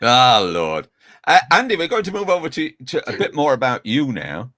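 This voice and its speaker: A man hosts a casual chat show over a video call. His voice is bright and jumps around a lot in pitch as he reads viewer messages. The sound is dry and close to the mic. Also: wildly swooping pitch, normal speed, no room sound. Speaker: host.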